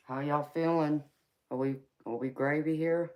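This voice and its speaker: A woman's voice: sits low, steady tone, moderate pace, highs cut off. A woman with a Southern drawl, chatting casually with viewers while she reads tarot cards on a live stream. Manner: laid-back, chatty, reads cards aloud and greets viewers. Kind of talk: casual live-stream chat and card reading. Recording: loud background noise.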